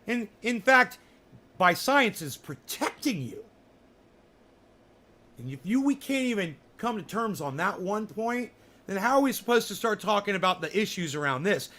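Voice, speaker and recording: A man's voice: high voice, big pitch swings, normal speed, bright, forceful tone. A man hosting a livestream, talking in a rambling, profane, sarcastic rant. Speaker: livestream host. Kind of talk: casual ranting livestream chat.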